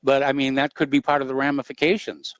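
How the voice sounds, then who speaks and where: A man hosting a talk radio show, speaking in a measured way with frequent filler sounds. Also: medium pitch, monotone, no room sound. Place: radio studio.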